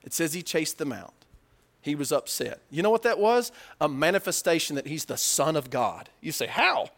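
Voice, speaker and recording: A man with a high voice preaching a sermon. He talks to the congregation conversationally and asks them questions. He shifts between loud emphatic bursts and low, quiet stretches. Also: animated, moderate pace.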